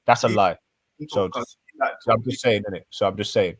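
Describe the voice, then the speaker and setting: A man's voice: lowish voice, fairly even intonation, normal speed, breathy edge, no room sound. Heated man arguing on a stream. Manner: confrontational, swearing, full of slang. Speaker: panel guest. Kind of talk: heated live-stream argument.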